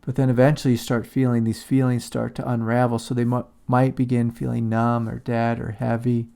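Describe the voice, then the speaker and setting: A man giving a calm, reflective spiritual talk as a teacher. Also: mid-range voice, brisk, creaky. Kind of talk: satsang talk on shadow work.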